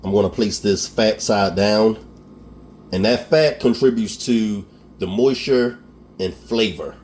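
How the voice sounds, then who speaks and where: A man's voice: fairly low pitch, slow pace, a little mellow, slight background noise. Chatty Philly man hosting a cooking show. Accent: Philadelphia. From Philadelphia. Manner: chatty, laughs at himself, keeps asking "okay?". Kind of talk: casual cooking tutorial.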